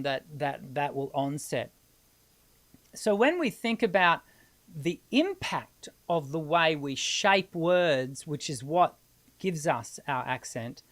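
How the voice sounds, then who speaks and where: An Australian woman teaching singing on a live stream, answering viewers' questions. She explains in an animated way and laughs easily. Her speaking voice sits a little low for a woman.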